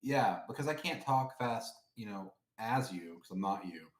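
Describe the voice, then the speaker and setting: A young man co-hosting a podcast, tossing in dry, deadpan quips. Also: lowish voice, normal speed. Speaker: podcast co-host. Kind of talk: casual banter.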